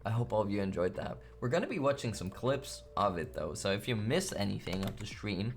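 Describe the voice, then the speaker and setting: A man chatting casually on a live stream, playful and goofy, swinging between loud bursts and soft asides. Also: fairly low pitch, animated, a little fast, hardly any pauses, a little hiss or hum.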